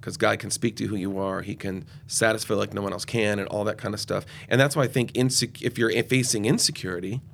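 An enthusiastic, loud man in his forties, talking off the cuff as a ministry guest in an interview. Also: lowish voice, fairly even intonation, a little fast, gravelly, hardly any pauses, slight background noise. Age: 40s. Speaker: guest youth and young adult ministry leader. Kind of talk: podcast interview conversation.

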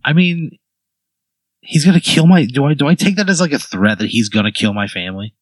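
A man's voice: medium pitch, animated, fairly quick, no room sound. Exasperated man pushing back. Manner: exasperated, incredulous, swearing. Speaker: podcast host. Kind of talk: casual comedic chat.

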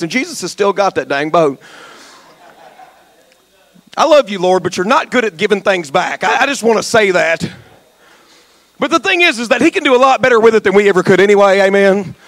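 A male pastor preaching a sermon, jumping from folksy jokes to shouted exhortation. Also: high-pitched, dry recording. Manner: passionate, swings from quiet asides to shouted exhortation; folksy, joking asides. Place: church sanctuary.

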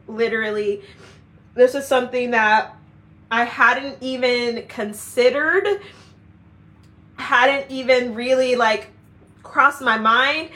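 A woman's voice: fairly high pitch, sharp tone. A middle-aged woman speaking in a heartfelt personal vlog, earnest and repeating phrases for emphasis. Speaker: leader of a women's community. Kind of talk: personal faith vlog monologue.

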